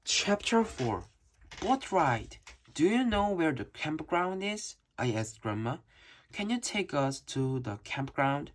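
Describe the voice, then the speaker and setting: Slow, breathy storybook reader. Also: mid-range voice, sing-song. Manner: slow, careful reading with occasional slips. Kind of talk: reading a children's book aloud.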